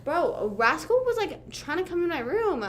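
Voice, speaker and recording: A woman's voice: extremely high pitch, big pitch swings, normal speed, slight background noise. A young woman in her twenties chatting casually with viewers on a livestream from home, slangy and rambling with lots of "like" and "bruh". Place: home room.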